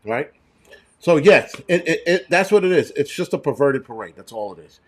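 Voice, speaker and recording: A man's voice: fairly high pitch, expressive, moderate pace. Blunt, foul-mouthed middle-aged man. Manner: blunt, profane, rambling. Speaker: channel host. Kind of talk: casual livestream chat answering viewers.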